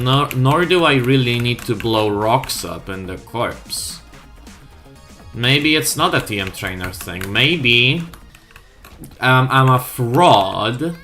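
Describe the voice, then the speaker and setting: A woman's voice: very deep voice, a bit bright. A woman streamer chatting casually over gameplay, sweary and wry, often mocking herself.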